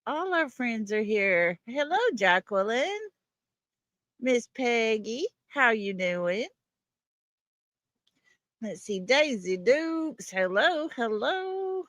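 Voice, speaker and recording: A woman's voice: a little high, animated, takes it slowly, long pauses, fairly bright tone, dry recording. A woman hosting a livestream, greeting viewers one by one in a folksy way. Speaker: livestream host. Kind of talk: casual livestream chat.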